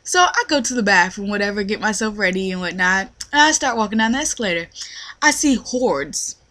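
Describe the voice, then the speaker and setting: A young woman with a lively, slangy, profane storytelling manner, acting out quotes as she rants in a casual vlog. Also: medium pitch, fairly quick. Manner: animated storytelling, acts out quotes. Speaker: retail worker.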